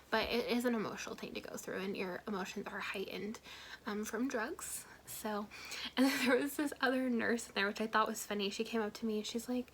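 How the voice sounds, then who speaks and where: Young mom telling her story on her vlog, kinda whispery and soft, lots of ums and likes, slightly high voice. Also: brisk, slight background noise, rough recording. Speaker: mom vlogger. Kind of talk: personal storytelling to camera.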